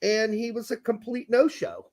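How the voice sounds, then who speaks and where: A man's voice: extremely high pitch, fairly even intonation, moderate pace. A man co-hosting a casual sports podcast, rambling, joking and swearing freely. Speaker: podcast co-host. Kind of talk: casual soccer podcast chat.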